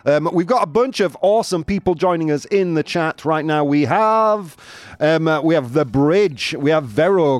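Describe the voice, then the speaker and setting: A man's voice: on the high side, animated, unhurried, no echo. A man hosting a live show in casual chat, playful and laughing, mixing in Spanish phrases. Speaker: host of a live daily show. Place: studio in Madrid.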